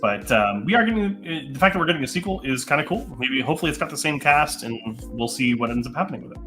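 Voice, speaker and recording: A man's voice: fairly high pitch, expressive, pushed and bright, soft background music. A man co-hosting a livestream, chatting casually about upcoming movies and reading out news items. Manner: upbeat, quick, reads headlines. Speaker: co-host.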